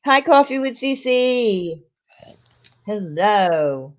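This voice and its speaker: A woman's voice: mid-range voice, big pitch swings, extremely slow, lo-fi sound. A chatty, playful woman co-hosting a casual livestream and welcoming viewers. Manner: chatty and playful, laughs easily. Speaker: livestream co-host.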